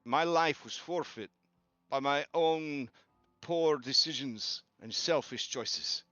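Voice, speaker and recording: A remorseful man who was once cursed and is now freed, voiced by a game master, raised above the game master's own pitch and carried loud. He speaks solemnly and formally in a clean, bright tone. Faint music sits under a slightly muffled recording. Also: takes it slowly, dry recording.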